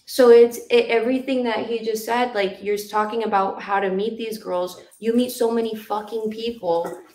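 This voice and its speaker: A woman's voice: on the high side, fairly even intonation, normal speed, darkish tone, roomy sound, rough recording. A woman co-hosting a podcast in casual, blunt, profane chat, talking with emphasis. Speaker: podcast co-host.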